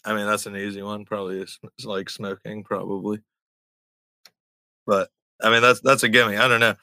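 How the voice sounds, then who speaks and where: A man with a very bright, sharp voice chats over a video call. He swears freely and laughs his way through rambling stories. His mic picks him up close and dry. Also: on the low side, flat delivery, moderate pace, dry recording. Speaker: stranger met on video chat. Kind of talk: casual storytelling chat. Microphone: computer mic on video call.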